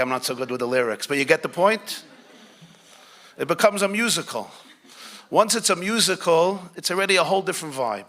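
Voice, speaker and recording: A man's voice: on the high side, a bit bright. A man, a rabbi, giving a conversational Torah class, asking the audience questions and adding joking asides. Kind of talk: Torah class talk to a live group.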